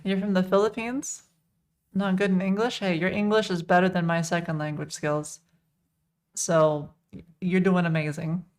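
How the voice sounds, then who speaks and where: Woman, live-stream coder, from Texas, no Texan accent, casual chat, reads chat aloud, slightly low voice. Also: steady tone, moderate pace, a little mellow.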